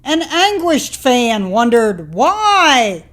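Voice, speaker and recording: A woman with a high voice narrates a packaged entertainment news story. Her reporting is scripted and lightly playful, with a crisp broadcast delivery. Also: very animated, very slow, noisy background.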